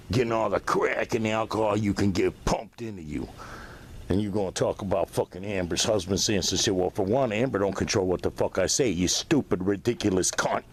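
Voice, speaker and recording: Gravelly man in a profane rant. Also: lowish voice. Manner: profane, insulting, aggressive. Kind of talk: angry rant addressed at someone.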